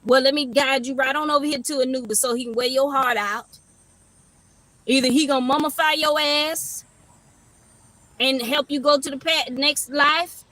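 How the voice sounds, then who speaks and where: High bright-voiced woman, profane and rambling. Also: no echo, rough recording. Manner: loose, profane, rambling storytelling with laughs. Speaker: tarot reader. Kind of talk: casual livestream reading.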